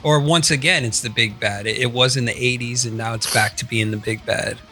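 Easygoing, bright-voiced podcast cohost. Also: male voice, medium pitch, fairly even intonation, fairly quick, faint music behind. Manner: easygoing, laughs along, fillers. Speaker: podcast co-host. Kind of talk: casual podcast chat.

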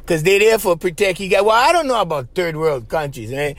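A man from Hawaii hosts his own podcast in thick Hawaiian Pidgin, chatting loosely and joking, calling everyone "bro". His voice sits high and comes across bright and forceful. The recording is close and dry, with no room sound. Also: lively intonation, a little fast, dry recording. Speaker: podcast host. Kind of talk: casual solo podcast chat.

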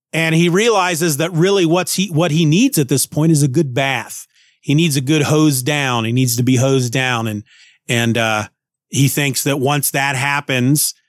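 A male podcast host recaps a comic book in a loose, chatty way. He often restarts his sentences as he thinks aloud. His voice sits a bit high, and the sound is dry and close. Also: no room sound. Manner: rambling, many restarts.

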